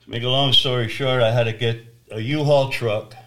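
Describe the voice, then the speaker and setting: A man telling his personal testimony story, swinging from loud emphasis to hushed near-whispers. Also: mid-range voice, fairly even intonation, moderate pace.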